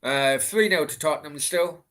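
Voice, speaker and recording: A man's voice: a little high, moderate pace, fairly bright tone. A young man streaming a football watchalong, blunt and swearing at players while chatting with his viewers. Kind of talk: live match commentary and chat with viewers.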